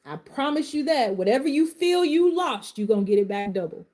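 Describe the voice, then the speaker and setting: A woman giving a live-stream reading and pep talk, swinging between soft comforting reassurance and fired-up passionate outbursts, in casual Southern vernacular. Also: sits high, sing-song, fairly quick. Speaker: live tarot reader.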